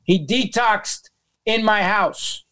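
A man's voice: high-pitched, takes it slowly, sharp tone. A middle-aged man with a New York accent, telling a raw story as a podcast guest, blunt and swearing often. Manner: blunt, heavy swearing, emotional retelling. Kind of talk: casual interview storytelling.

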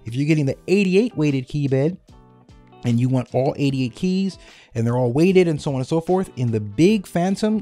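A keyboard reviewer with a fairly high, warm voice walks casually through a detailed product comparison. He keeps it conversational, repeating numbers for emphasis.

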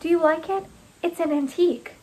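A woman voicing a proud, quiet woman baker who speaks softly and modestly. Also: very high voice, fairly quick, voice pushed up, poor audio.

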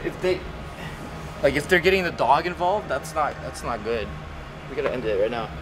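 A young man hosting a frightened ghost-hunt vlog in a dark house, jumpy and exclaiming and repeating himself. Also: mid-range voice, moderate pace. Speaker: YouTube host. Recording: noisy home video.

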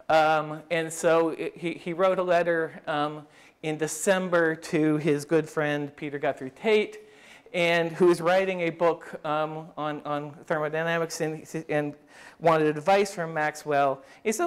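A man's voice: on the high side, measured pace, clear, resonant tone. A man giving an academic lecture at a summer school, thinking aloud with frequent restarts and speeding through quoted passages.

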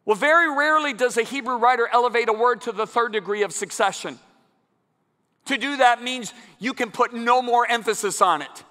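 A man preaching a sermon to a congregation in a large church, emphatic and building to loud climaxes. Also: very high voice, fairly quick. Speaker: guest preacher. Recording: long church hall reverb.

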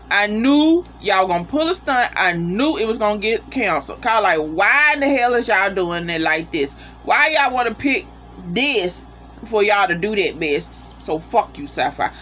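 Casual episode reviewer, mid-pitched, animated and profane, addressing viewers directly. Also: slight background noise.

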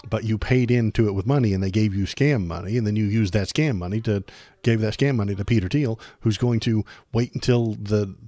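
A man with a low voice hosts a casual political commentary stream. He sounds sarcastic and exasperated and hammers his points home by repeating them. The recording is close and dry. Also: a little fast, dark tone, dry recording. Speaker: streamer host.

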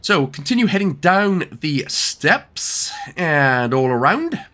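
Chatty young Welsh gaming commentator. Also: male voice, a little high, very animated, slow, bright, forceful tone. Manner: chatty and jokey, with filler-heavy instructions. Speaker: gaming YouTuber. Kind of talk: game walkthrough commentary.

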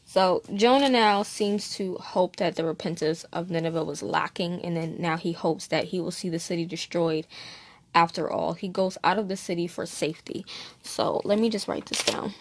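A woman's voice: on the low side, steady tone, moderate pace. A young woman teaching a casual Bible study, candid and conversational with plenty of fillers.

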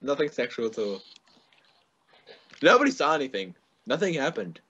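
Giggly, excitable male gamer with a lively voice, recorded on dull lo-fi chat. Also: medium pitch, normal speed, slightly rough. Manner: giggly, excitable, repeats himself in bursts. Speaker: let's play gamer. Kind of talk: casual group gaming chat.

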